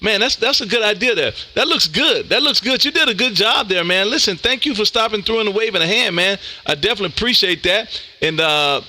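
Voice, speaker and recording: A man's voice: sits high, lively intonation, fairly quick, sharp tone, no echo. A man hosting a ham radio live stream, chatting in an upbeat, casual way and calling everyone "man". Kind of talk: casual on-air radio chat.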